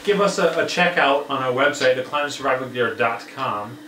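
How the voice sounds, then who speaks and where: A man co-hosting a survival gear video, trading deadpan one-liners in casual banter. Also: mid-range voice, fairly quick, far from the mic. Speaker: co-host of a survival gear channel. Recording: roomy echo with faint noise.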